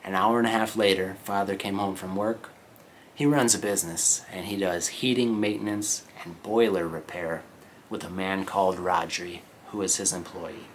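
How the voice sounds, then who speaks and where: A low-voiced man reads a novel aloud for English learners and stops now and then to explain words. His delivery is slow and explanatory, with frequent check-ins. A faint hiss sits under the voice. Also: fairly even intonation. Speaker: English teacher.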